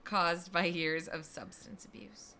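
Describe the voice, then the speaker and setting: A woman's voice: lowish voice, steady tone, vocal fry, pushed and bright. A young woman co-hosting a podcast, telling a story in a casual chat with lots of fillers. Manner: chatty, lots of fillers and quick asides.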